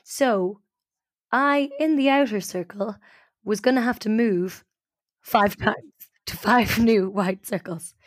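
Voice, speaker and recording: Animated woman telling a story. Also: medium pitch, takes it slowly, no echo, clean studio sound. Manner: animated, self-mocking. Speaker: podcast co-host. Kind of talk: casual storytelling.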